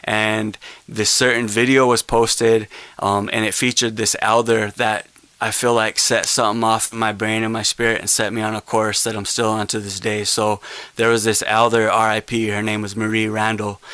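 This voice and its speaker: A young man delivers a keynote as a personal story, earnest and halting, often restarting his sentences. His voice is smooth and resonant, with little rise and fall in pitch. The sound is dry and close, with no room around it. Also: flat delivery, sharp tone, dry recording. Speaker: keynote speaker.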